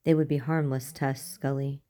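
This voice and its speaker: A woman reading the lines of a gentle, earnest male scientist who speaks reasonably. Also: extremely low pitch, flat delivery, moderate pace.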